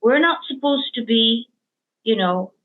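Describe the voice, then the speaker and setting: Female host, higher register, heartfelt chatty storyteller, phone-quality audio. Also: animated, a little slow. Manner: storytelling, emotional, many fillers and restarts. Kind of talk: casual interview chat. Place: lives in Hong Kong. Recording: tinny phone-like line.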